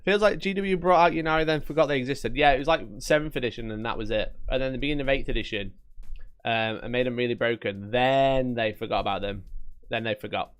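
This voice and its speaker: A man's voice: mid-range voice, fast, smooth. A man hosting a wargaming livestream, chatting casually and bantering with viewers, sometimes swearing. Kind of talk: casual live-stream chat.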